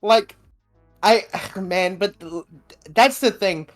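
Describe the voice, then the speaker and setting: A man's voice: high voice, slow, faint music behind. A man co-hosting a podcast in loose, casual chat, swearing and laughing as he talks about his father. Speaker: podcast co-host.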